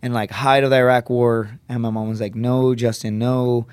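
A man's voice: medium pitch, steady tone, fairly quick, clean tone, no echo. A man on a podcast, telling a personal story in casual talk, swearing freely and acting out the people he quotes. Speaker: podcast guest, comedian and Marine veteran.

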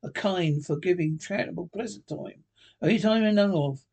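A man doing a bright, earnest young nephew. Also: sits high, moderate pace, gravelly, slightly rough, exaggerated voice. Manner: pleading, warm-hearted.

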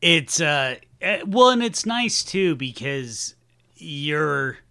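A man's voice: a little high, sing-song, slow, creaky, sharp tone, smooth. A man hosting a podcast, chatting casually with his guest, swearing freely and talking with enthusiasm. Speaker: podcast host.

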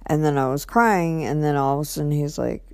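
A woman's voice: deep voice, a little fast, no room sound. A woman telling an emotional personal story in a rambling way, often repeating "I'm like" and trailing off. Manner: restarts and trails off, quiet at times. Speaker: vlogger.

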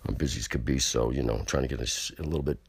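A man's voice: extremely low pitch, rapid-fire, vocal fry, slight background noise. A man hosting a casual chat show from California, rambling, boastful and crude as he talks to his listeners. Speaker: show host. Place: on location.

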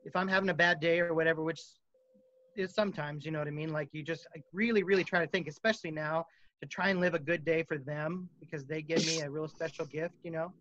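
A man's voice: on the high side, steady tone, quick pace, fairly bright tone, dry recording, highs cut off. A man from the United States, a musician guest, rambling through stories in a casual interview and laughing often.

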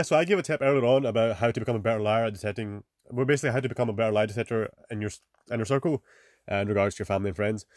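A man's voice: on the low side, no room sound, clean studio sound. A young man hosting a casual advice monologue, talking loosely with lots of fillers, the odd swear and "man" tacked onto his sentences. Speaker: podcast host.

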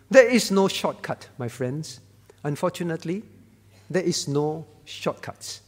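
A man's voice: a little high, animated, unhurried, breathy edge, in a large hall. A man preaching a sermon, stressing key words by repeating them and asking rhetorical questions. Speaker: pastor.

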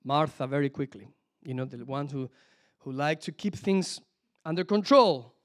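A man preaching a sermon, telling the story with lively asides that swing from hushed to loud and emphatic. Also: a little high, normal speed. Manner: lively, talks to the congregation directly with frequent asides.

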